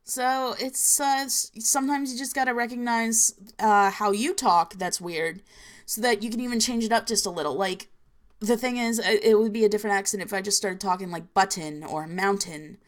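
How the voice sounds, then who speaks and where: A woman's voice: fairly high pitch, moderate pace. A woman with a New Jersey accent hosting a solo podcast, talking casually and rambling with plenty of filler words. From New Jersey, USA. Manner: rambling, filler-heavy, chatty. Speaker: podcast host.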